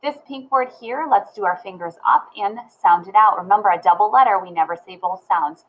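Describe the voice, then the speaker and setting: A woman gives a phonics lesson to young children at a middle pitch. She sounds out each word part slowly and clearly. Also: low-quality recording. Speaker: teacher.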